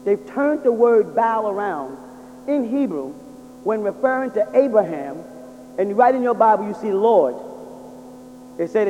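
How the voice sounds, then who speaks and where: Speaking at a moderate pace in a high-pitched, expressive voice with a dark tone, a man delivers a lecture-style religious sermon, pressing his audience with rhetorical questions. The dull lo-fi recording, made in an echoing hall, carries a little hiss or hum.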